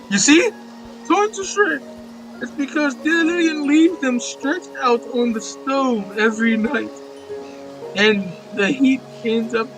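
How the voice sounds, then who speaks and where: A fretful, theatrical newspaper seller in a video game, fussing at length, as a man reads his lines. The voice sits high and bright. Faint music plays behind him. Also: full character voice, low-quality recording. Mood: exasperated. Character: fussy middle-aged male newspaper seller. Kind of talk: reading game dialogue aloud.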